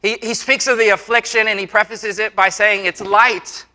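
Bright-voiced preacher man, earnest and repetitive. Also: sits high, flat delivery, moderate pace. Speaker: pastor. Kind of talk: sermon. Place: church before a congregation.

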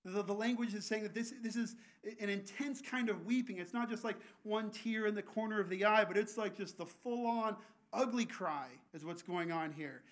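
A man's voice: high-pitched, moderate pace. A man delivers a sermon from the pulpit. He speaks earnestly, often doubling back on a word before pressing on. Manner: earnest, frequent restarts and repeated words. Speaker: pastor.

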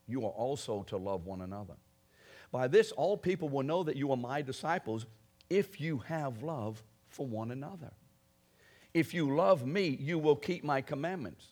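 A male preacher delivering a sermon in an emphatic way. He pushes key phrases out loudly and then drops low and quiet as he drives each point home. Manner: emphatic, rising to loud stresses then dropping low.

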